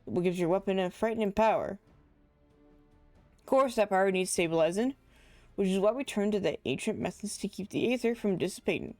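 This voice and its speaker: A woman's voice: mid-range voice, brisk, darkish tone, no echo, faint music behind, natural voice. A woman voicing a boastful male blacksmith who likes his rum, reading game dialogue aloud with a slight put-on southern accent.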